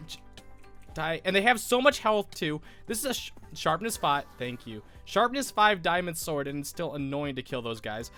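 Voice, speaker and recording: A man's voice: a little high, very animated, normal speed, sharp tone, soft background music. A young American man with a cold, stuffy and sniffling, rambling through casual gameplay commentary as a Minecraft YouTuber. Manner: rambling, self-correcting, sniffling.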